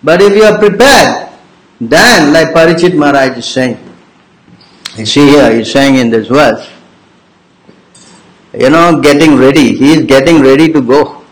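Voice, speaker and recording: A man with a slightly high voice gives a conversational sermon as a spiritual teacher. He keeps checking in with his listeners, pressing them with teasing rhetorical questions. The room around him has a noticeable echo. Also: unhurried, long pauses. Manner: keeps checking in with listeners with "yes?" and "you understand?".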